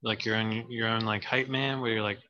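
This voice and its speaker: A man's voice: on the low side, steady tone, moderate pace, pushed and bright, highs cut off, slight background noise. A man co-hosting a casual podcast chat, joking and stumbling over his words with frequent laughs. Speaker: podcast co-host.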